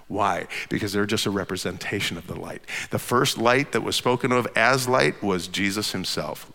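A man preaching a sermon, swinging between loud emphatic lines and hushed near-whispers. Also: fairly low pitch, normal speed, creaky, hardly any pauses, long reverb tail. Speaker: pastor.

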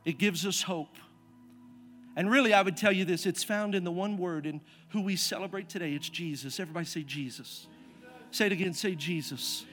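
A man preaching a sermon as a pastor, telling a personal story and calling on the congregation to respond, moving between hushed, quiet passages and loud, emphatic ones. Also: high voice, fairly quick, soft background music.

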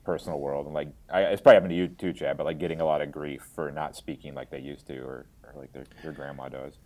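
A man from Florida co-hosting a podcast, cracking wry jokes and musing out loud in casual chat. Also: rumbling low, fairly even intonation, fast talker. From Florida, USA. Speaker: podcast co-host.

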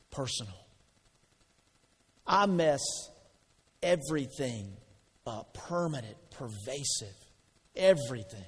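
A man's voice: mid-range voice, lively intonation, slow pace, pauses often, slightly rough, in a large hall. A man preaching a sermon in a conversational way, asking the congregation questions and answering them. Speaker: pastor.

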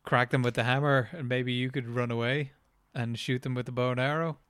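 Easygoing player. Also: male voice, medium pitch, fairly even intonation, brisk, a bit bright, dry recording, clean studio sound. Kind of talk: casual tabletop play.

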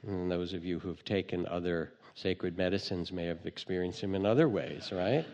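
A man giving a dharma talk as a meditation teacher, telling stories gently with light humor. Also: low voice, normal speed, in a large hall.

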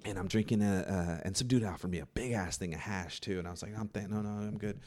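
A man's voice: on the low side, fast talker, a little mellow. A man hosting a podcast, chatting casually and rambling through travel and movie stories, swearing often and acting out the voices he quotes. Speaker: podcast host.

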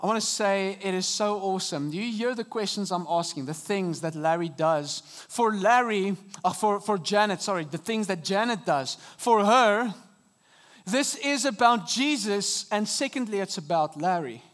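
A high, light-voiced man preaches an earnest sermon from a church stage. He swings between soft, hushed moments and emphatic rises, and his voice comes through a stage microphone. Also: lively intonation, normal speed. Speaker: pastor. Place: church auditorium.

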